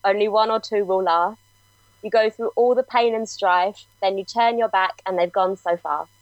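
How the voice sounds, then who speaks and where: A woman's voice: medium pitch, steady tone, normal speed, no room sound, muffled recording. A woman hosting a quiz on a podcast, reading song lyrics aloud with laughing asides. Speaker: guest quiz host.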